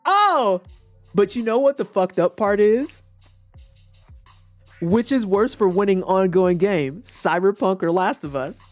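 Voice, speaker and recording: A young woman streamer from the Saint Louis area, chatting casually and swearing freely, acting out quotes in high voices. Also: lively intonation, unhurried, faint music behind. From Saint Louis area, United States. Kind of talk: casual chat on a livestream.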